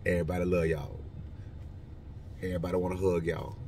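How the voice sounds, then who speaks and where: A man's voice: fairly quick, distant mic, a little hiss or hum. Rambling man talking from his car. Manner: rambling, joking, lively swings in pitch and loudness. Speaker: vlogger giving football picks. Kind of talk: casual picks monologue.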